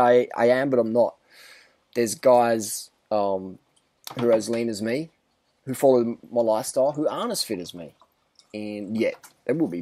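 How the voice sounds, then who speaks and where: A man's voice: mid-range voice, a little mellow, no echo. A man in his forties ranting bluntly and boastfully to camera as a fitness and diet vlogger, swearing often and restarting his sentences. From Australia. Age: 40s. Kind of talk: casual rant to camera.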